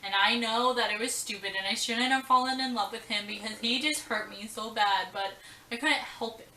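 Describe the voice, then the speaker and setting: Young woman rambling thru a storytime vlog, bright voice, kinda far from the mic. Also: fairly high pitch, moderate pace, slight background noise. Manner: rambling, emotional, full of fillers and quoted dialogue. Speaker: vlogger. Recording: roomy, distant from the mic.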